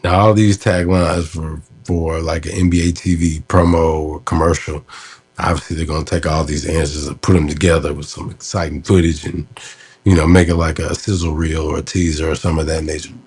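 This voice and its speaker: A man with a very low, husky voice talks through an old interview he did. He explains how it worked in an easy, relaxed way, full of fillers. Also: brisk. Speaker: host looking back on an old interview. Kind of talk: casual commentary.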